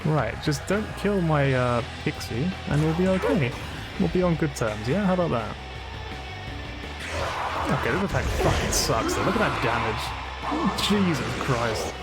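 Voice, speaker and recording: A man's voice: on the high side, animated, moderate pace. A man streaming a game, giving casual commentary while getting frustrated and swearing a lot. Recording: game music playing behind. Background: game music.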